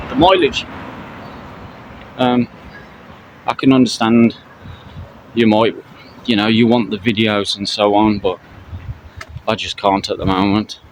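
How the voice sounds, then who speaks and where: A middle-aged man from Britain talking to his viewers while out on a walk, halting and full of fillers, out of breath. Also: on the low side. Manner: halting, many fillers and restarts. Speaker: camping channel vlogger. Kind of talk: casual spoken update to viewers while walking. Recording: loud outdoor traffic noise.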